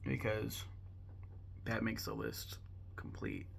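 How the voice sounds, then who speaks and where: A man's voice: fairly low pitch, flat delivery, takes it slowly, vocal fry, slight background noise. A young man rambling casually to camera as a vlogger, joking and swearing in an offhand way.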